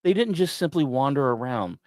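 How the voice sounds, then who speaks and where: A man narrating a history tale on his podcast, his voice rising and falling with drama and slipping into wry asides. He sits at a middle pitch, and the close, dry sound carries no room echo. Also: animated, fairly quick, darkish tone. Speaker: podcast host. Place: small dry studio.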